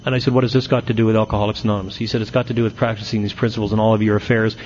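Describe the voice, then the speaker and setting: A man's voice: fairly low pitch, little pitch movement, very fast, a little mellow, lo-fi sound, slight background noise. A middle-aged man giving a humorous recovery talk, telling stories and acting out the quotes. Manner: storytelling with punchlines, acts out quotes. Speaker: AA speaker.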